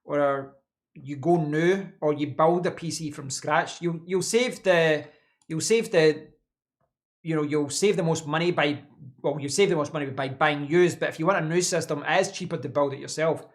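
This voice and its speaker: A man's voice: on the high side, normal speed. A man hosting a casual live stream from his home office desk, answering chat in a rambling way and repeating words as he thinks.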